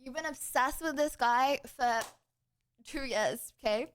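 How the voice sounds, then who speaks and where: A woman's voice: sits high, measured pace, a little hiss or hum. A young woman hosting a casual podcast chat, rambling and teasing with frequent giggles.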